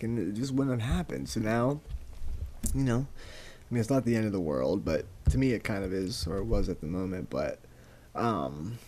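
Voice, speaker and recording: A man's voice: fairly low pitch, a little mellow. A young man hosting a casual solo podcast, ranting in a rambling, profane way and often repeating words as he goes. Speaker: podcast host.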